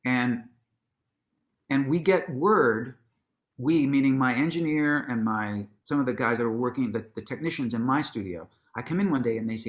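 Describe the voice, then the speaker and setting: A man telling a long anecdote in an onstage conversation, casual and profane, acting out what people said with sudden jumps in his voice. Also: normal speed. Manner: animated storyteller, acts out quotes with big pitch jumps; casual, swears freely, restarts sentences. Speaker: guest, musician and author.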